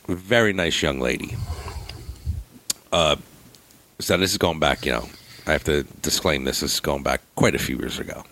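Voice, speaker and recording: A man's voice: moderate pace, pauses often. A man from northern New Jersey telling a rambling, profane story in casual chat, acting out what other people said. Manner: swings high and loud when quoting others.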